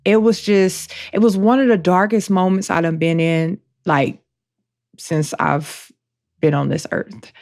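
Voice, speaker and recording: A woman co-hosting a podcast, speaking openly and emotionally in a slow, halting way. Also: lowish voice, steady tone, creaky, darkish tone. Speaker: podcast co-host. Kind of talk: candid personal talk.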